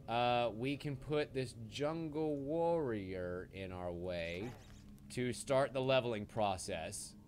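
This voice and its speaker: A man giving live commentary while he plays a video game, excitable and quick to swear when things go wrong. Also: medium pitch, slight background noise. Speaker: game streamer. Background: game music.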